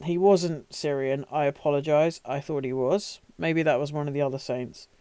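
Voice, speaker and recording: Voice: mid-range voice, fairly even intonation, normal speed, dark tone, clear, resonant tone, no echo. A British streamer chatting casually on a live stream, rambling, swearing often and making self-mocking asides. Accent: British English. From Britain.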